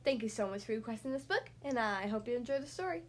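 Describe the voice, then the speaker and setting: A woman hosting a children's podcast, reading a picture book aloud in an expressive, animated way. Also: fairly high pitch, fast, over loud music. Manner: animated and expressive, acting out the characters. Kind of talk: storybook read-aloud.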